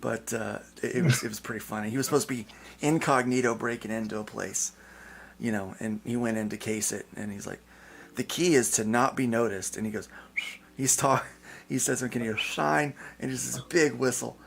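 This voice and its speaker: A man's voice: medium pitch, steady tone, brisk, creaky, slight background noise. A man hosting a casual panel podcast, joking and rambling with fillers. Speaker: podcast host.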